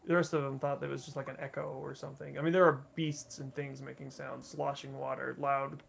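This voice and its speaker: A man running a tabletop game as dungeon master, describing scenes with many pauses and fillers. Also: medium pitch, little pitch movement, gravelly, fairly bright tone, slight background noise. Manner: halting, filler-heavy descriptive narration. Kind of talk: narrating a tabletop game livestream.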